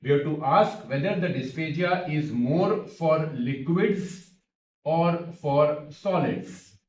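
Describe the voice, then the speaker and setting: This is a man giving an ENT lecture. He moves through his points methodically and keeps repeating key terms. His voice sits a bit high and sounds distant, with a roomy echo around it. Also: slow pace, a little mellow. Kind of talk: medical exam teaching. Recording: echoey room, voice from off mic.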